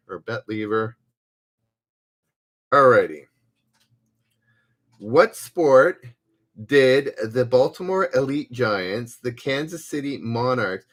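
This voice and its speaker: Male trivia host, middle pitch, slow and halting, heavy on fillers. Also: fairly bright tone. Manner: halting, hesitant, reads questions aloud twice with many fillers. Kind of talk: casual live-stream chat.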